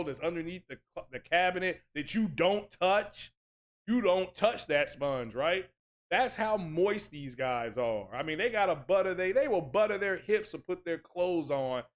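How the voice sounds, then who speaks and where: A man hosting a gaming livestream, ranting in an animated, mocking way and talking to his chat. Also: sits high. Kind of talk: casual livestream rant.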